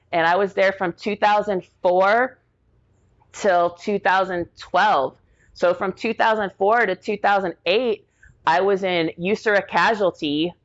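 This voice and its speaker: A woman's voice: fairly low pitch, muffled recording. A woman in her forties, an Army veteran and interview guest, telling stories in a rambling, casual way full of "like" fillers. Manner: rambling, heavy use of "like", acts out quoted people.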